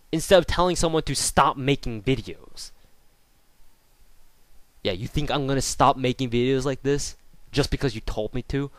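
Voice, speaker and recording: A man's voice: on the high side, dry recording. A young man ranting angrily and sarcastically at his commenters, swearing often in a casual vlog commentary. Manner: angry, profane, sarcastic ranting. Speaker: YouTuber. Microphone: off-camera voice recording.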